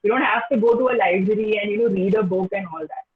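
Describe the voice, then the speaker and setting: A woman's voice: mid-range voice, fast. A young woman with an Indian English accent, a teacher answering interview questions in a chatty way, full of "you know". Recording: echoey phone-like call line.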